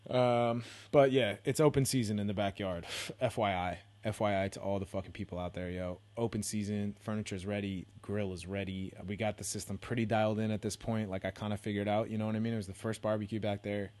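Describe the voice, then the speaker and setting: A man's voice: lowish voice, fairly even intonation, fairly quick, hardly any pauses, a little mellow. A young man from the Bay Area hosting a casual solo podcast, rambling with lots of swearing, slang and self-deprecating asides. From San Francisco Bay Area. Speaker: podcast host.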